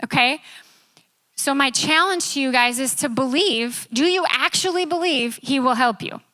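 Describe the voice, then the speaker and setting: Speaking at a moderate pace, this youth speaker has a high, bright, forceful voice. She's a young woman giving a relaxed, talkative sermon at a youth service inside a church, and she keeps asking the room "right?" to check in.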